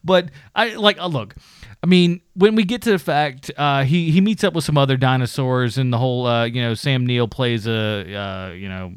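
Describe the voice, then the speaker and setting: A man's voice: medium pitch, moderate pace, clean tone, no echo, studio quality. A man co-hosting a podcast, casually reviewing films, rambling and swearing, with frequent laughs. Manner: profane, rambling, laughs often. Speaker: podcast co-host. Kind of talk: casual film review chat.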